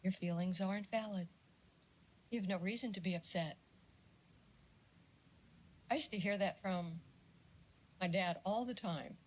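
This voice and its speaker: A middle-aged woman giving a casual lecture on parenting, chatty and animated, with jokey asides and little acted-out quotes. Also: medium pitch, a little slow, long pauses, slight background noise, poor audio. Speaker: speaker giving a talk on parenting.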